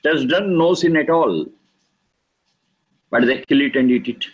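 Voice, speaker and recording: A man teaching a lesson on scripture, speaking slowly and emphatically, repeating key words for stress. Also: fairly high pitch, breathy edge, highs cut off. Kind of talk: lecture explaining scripture.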